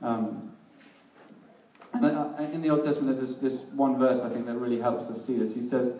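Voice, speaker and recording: A man's voice: medium pitch, little pitch movement, moderate pace, mellow, slight background noise. A man preaching a sermon in a casual, self-deprecating way, often laughing at himself. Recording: echoey hall, mic at a distance.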